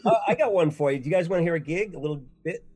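A man chatting casually as a comedian guest, animated and laughing often between silly bits. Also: fairly high pitch, very fast, noisy background. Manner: animated, laughs a lot, jumps into silly voices.

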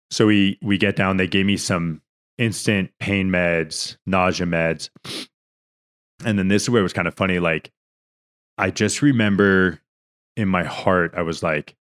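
This is a young man's low, slightly bright voice, steady in tone and a little slow. As a podcast co-host in casual conversation, he rambles through a story earnestly and emotionally, restarting many times while nearly crying.

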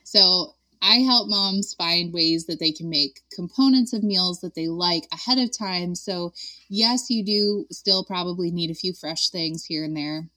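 A woman's voice: lowish voice, unhurried, sharp tone, no echo, distant mic. A woman in her thirties, a dietitian, chatting casually on a podcast, laughing often and saying "like" a lot. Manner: chatty, giggly, lots of "like". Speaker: guest dietitian.

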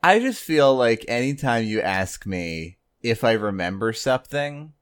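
Podcast co-host, lively pitch, dry wry humor, casual chat. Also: measured pace, clear, resonant tone.

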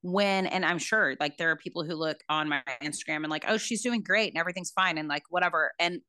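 A woman's voice: fairly low pitch, quick pace, pushed and bright, no room sound, clean studio sound. A new mother talking in a reflective, heartfelt way on a podcast, with plenty of filler words. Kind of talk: casual podcast conversation.

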